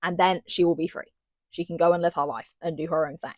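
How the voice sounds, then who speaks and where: A young woman giving a casual book review vlog, chatty and animated, with dramatic asides. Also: lowish voice, fast, no room sound, clean studio sound.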